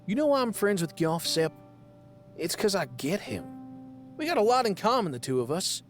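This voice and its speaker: A woman's voice: medium pitch, big pitch swings, normal speed, natural voice. A woman voicing a simple, kindhearted young country man in a video game, with a folksy rural drawl. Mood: somber. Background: game music.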